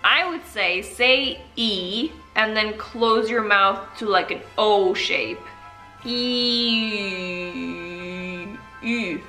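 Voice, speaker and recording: A woman's voice: mid-range voice, slow pace, few pauses, sharp tone, soft background music. A woman casually vlogging about vowel sounds, joking, interrupting herself and sounding vowels out over and over. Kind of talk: casual language vlog.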